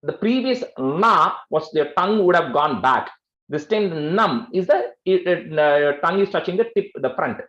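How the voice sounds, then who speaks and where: A man's voice: a little high, animated, moderate pace, a bit bright, echoey room, lo-fi sound. A man teaching a class on chanting, patiently repeating syllables and explaining how each sound is emphasized. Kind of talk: online class instruction.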